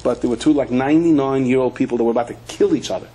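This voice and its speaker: A man's voice: medium pitch, racing, warm tone, husky, poor audio. Man telling jokes in a Torah lecture. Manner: humorous storytelling, acts out quoted voices. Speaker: rabbi teaching a Torah class. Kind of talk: sermon-style lecture with stories.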